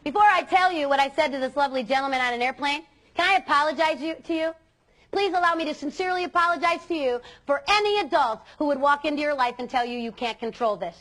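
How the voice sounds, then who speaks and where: A woman's voice: high-pitched, fast talker, a bit bright. A woman youth speaker giving an earnest, emphatic motivational talk to students.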